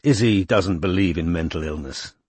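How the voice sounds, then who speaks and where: A man voicing a relaxed young man who asks easy, curious questions. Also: deep voice, moderate pace, husky, no room sound, voice pushed down. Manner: easygoing, questioning.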